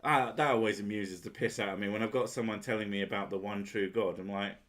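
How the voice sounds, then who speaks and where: A man's voice: fairly low pitch, steady tone, fast talker, few pauses, a bit bright. A man hosting a casual chat, sweary and sardonic, often laughing at his own jokes. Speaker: podcast host.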